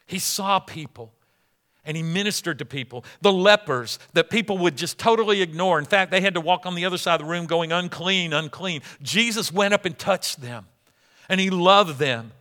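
A man preaching a sermon as pastor, dramatic, swinging between loud and hushed. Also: high voice, normal speed. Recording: long hall reverb.

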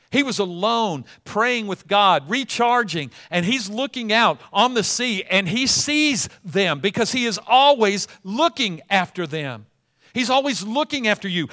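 Bright-voiced man preaching a sermon. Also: high voice, normal speed. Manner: animated storytelling, acting out scenes.

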